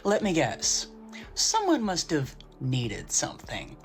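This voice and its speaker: Low, sardonic woman narrating. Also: huge pitch swings, slow pace, soft background music. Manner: sardonic, lecturing. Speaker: commentary narrator. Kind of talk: scripted narration.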